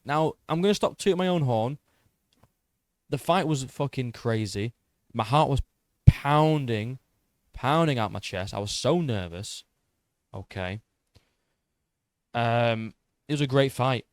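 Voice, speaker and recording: A young man recapping a fight in an excitable, boastful way, swearing and tripping over his words. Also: mid-range voice, measured pace, pauses often, dry recording, clean studio sound. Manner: boastful, excitable, swears a lot, stumbles and repeats. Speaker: MMA YouTuber.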